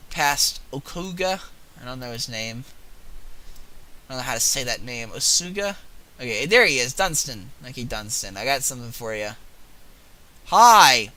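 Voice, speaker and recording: Young guy ranting through a game, bright voice, swears a lot, pitch all over. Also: moderate pace. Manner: profane, animated and excitable. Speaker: gaming video host. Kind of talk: casual gameplay commentary.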